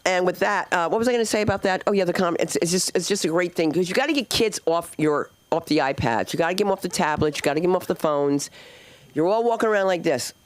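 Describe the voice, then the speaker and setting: This fast-talking woman from New Jersey runs a comedy club open mic, bantering with the audience in a brash, jokey, rambling style as she hosts live stand-up. Her pitch is fairly low.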